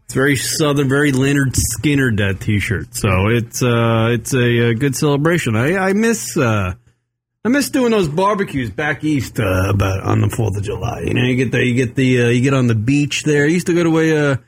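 A man's voice: medium pitch, expressive, moderate pace. Rambling profane radio host man. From Long Island, New York. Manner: rambling, profane, many fillers. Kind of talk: casual radio chat. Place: radio studio.

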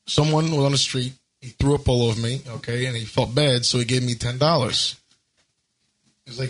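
A man's voice: medium pitch, steady tone, brisk, rough recording. A man on a radio talk show telling long jokes in a plain storytelling way. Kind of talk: casual joke telling.

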